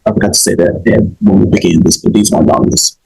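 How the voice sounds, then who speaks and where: A man's voice: low-pitched, fairly even intonation, fast, vocal fry, darkish tone, breathy edge, faint music behind, poor audio. A young man hosting a comedic advice show, emphatic and preachy, often checking in with his listeners.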